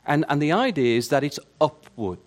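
Male preacher, fairly high voice, swooping and lively delivery, stammering restarts, questions to the congregation. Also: moderate pace. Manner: animated, asks the listeners many questions; stammers and repeats words at the starts of phrases. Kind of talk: sermon.

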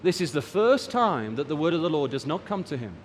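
Lively preacher in a reverberant hall. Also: male voice, a little high, a little fast, slight background noise. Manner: rises and falls for emphasis, draws out key words. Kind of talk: sermon.

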